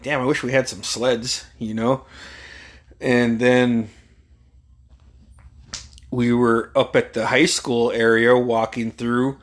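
A man in his forties from Alaska, telling a rambling, profane anecdote and chuckling often. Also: mid-range voice. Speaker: storyteller.

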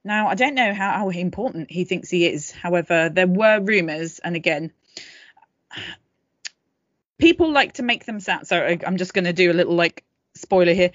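A woman's voice: fairly low pitch, expressive, moderate pace, dry recording. A woman co-hosting a casual history podcast, chatty and full of jokey asides. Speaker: podcast co-host. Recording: slightly dull, dry home mic.

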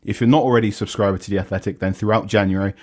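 A man's voice: lowish voice, steady tone, racing, a little mellow. A young man hosting a football podcast, chatting casually and reading promotions in an upbeat way. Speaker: podcast host.

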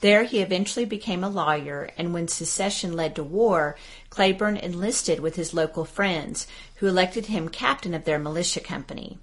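A woman from Arkansas reading scripted historical narration in a steady, even storytelling manner. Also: fairly low pitch, moderate pace.

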